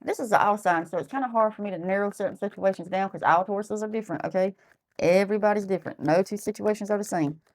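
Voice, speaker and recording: A woman's voice: medium pitch, fast. Woman doing a tarot reading, blunt, talks to herself a lot, says stuff twice. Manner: blunt, repeats herself, thinks aloud. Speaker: tarot reader.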